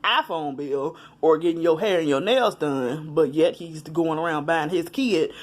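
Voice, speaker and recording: A woman's voice: low voice, measured pace. A woman talking frankly and emotionally straight to her viewers in a personal vlog, laughing at times and holding back tears at others. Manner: frank and conversational, addresses viewers directly. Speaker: vlogger. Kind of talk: candid personal vlog confession.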